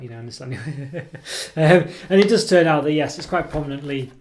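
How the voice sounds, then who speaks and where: Against a noisy background, a man with a medium-pitched voice speaks briskly while casually reviewing a chocolate product. He rambles and hesitates, full of ums and self-corrections, and pokes fun at himself in a self-deprecating way.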